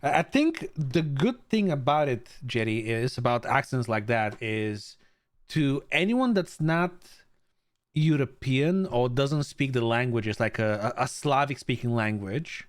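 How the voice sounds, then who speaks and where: A man's voice: medium pitch, lively intonation, measured pace. A young adult man from Bulgaria chatting casually with his live stream viewers, stammering through restarts, swearing freely and greeting chatters by name.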